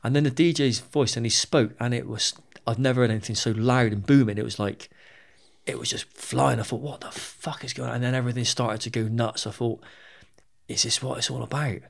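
Gravelly man telling his story. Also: medium pitch, steady tone, fairly quick. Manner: frank, swears freely, repeats words mid-sentence. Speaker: podcast guest. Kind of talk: candid storytelling interview.

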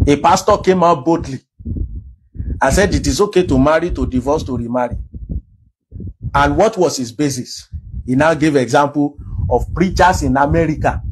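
A man's voice: fairly high pitch, a little hiss or hum, rough recording. A Nigerian man preaching a sermon as a pastor, emphatic and full of rhetorical questions.

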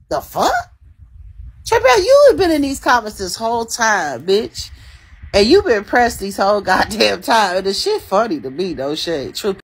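A young adult woman hosts a livestream and talks straight to her commenters. Her voice is husky and swoops up and down as she teases them with a steady stream of profanity. She laughs often between remarks. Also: medium pitch, unhurried. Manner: profane, brash and teasing, calls out commenters. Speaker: livestream host reading comments. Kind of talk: casual livestream chat.

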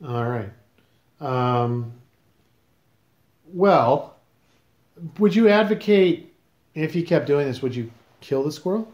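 A man's voice: a little high, expressive, takes it slowly, long pauses, a little mellow, reverberant, lo-fi sound. A man hosting a casual podcast, questioning his guest in a teasing, mock-serious way. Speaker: podcast host.

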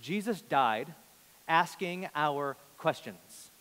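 A man in his thirties preaching a sermon in a large church, earnest, rising to loud emphasis and dropping to a hush. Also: a little high, moderate pace, long pauses, long reverb tail. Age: 30s. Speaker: pastor.

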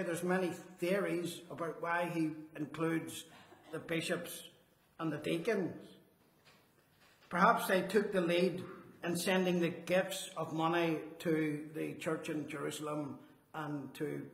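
A man delivers a sermon in an earnest, emphatic way, drawing out the phrases he wants to land. His voice sits somewhat high for a man. The sound carries the echo of a church hall. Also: creaky, a bit bright. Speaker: Salvation Army officer preaching.

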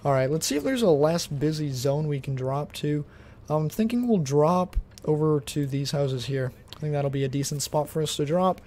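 Casual male gameplay host, a touch higher voice, relaxed and rambling, faint hiss behind. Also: moderate pace. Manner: relaxed, rambling, thinks aloud while playing. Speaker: tech benchmark video host.

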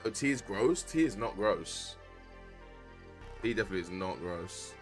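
A man's voice: on the low side, expressive, normal speed, faint music behind. A young man chatting casually with his live-stream viewers while gaming, joking around and using slang. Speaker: game streamer.

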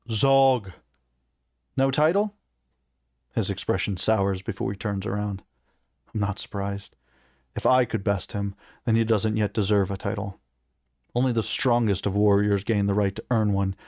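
Man, lowish voice, dry close sound, first-person fiction reading, measured. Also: little pitch movement, darkish tone, no echo. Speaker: reader.

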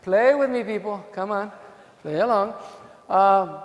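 In a large hotel conference hall, a man with a high voice speaks at a moderate pace. He's a DUI defense lawyer giving a talk packed with jokes, acting out courtroom stories and playing both the cops and the jurors.

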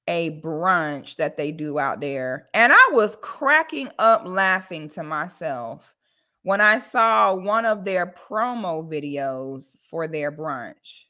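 A woman from Florida hosting a casual commentary livestream, talking bluntly and animatedly with loud exclamations. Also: fairly low pitch. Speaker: livestream host.

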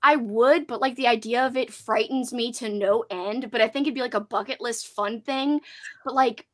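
A woman's voice: fairly high pitch, moderate pace, fairly bright tone. A young woman hosting a casual live-stream book club chat, chatty and giggly as she reads out viewer comments. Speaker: host of a horror book channel.

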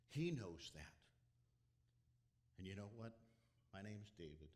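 Male pastor with a low voice preaching a sermon; conversational, swings from loud emphasis to hushed whispers. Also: expressive, unhurried, pauses often. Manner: conversational, addresses the congregation directly.

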